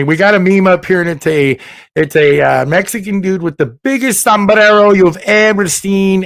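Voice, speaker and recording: A man hosting a casual comedy podcast, an animated storyteller who is often laughing and joking. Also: fairly high pitch, creaky, no echo, clean studio sound. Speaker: podcast host.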